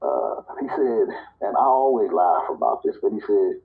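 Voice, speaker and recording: A man from Nebraska tells a personal story in a relaxed, conversational way, his voice sitting a little low. When he quotes people he jumps up into higher, livelier voices. The sound is thin and tinny, like a phone line. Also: normal speed, gravelly. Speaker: storyteller in a live audio chat.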